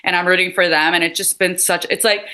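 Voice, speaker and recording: A woman who used to be a nurse, chatting as a guest on a podcast in a quick, upbeat way. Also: fairly low pitch, steady tone, pushed and bright, poor audio. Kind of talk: podcast conversation.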